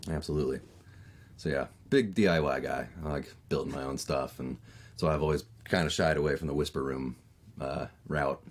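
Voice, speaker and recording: A man in his thirties from Maryland with a neutral American accent, chatting casually as a voice actor guest on a podcast, with lots of fillers and lively storytelling. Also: rumbling low, a little fast. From Maryland, USA. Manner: chatty, lots of fillers, animated when telling stories.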